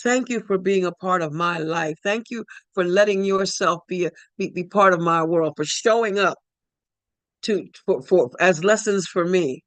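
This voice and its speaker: A woman's voice: fairly low pitch, normal speed, no room sound. A woman leading a spiritual study group online, speaking in heartfelt reflection and often repeating her words and phrases. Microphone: online call.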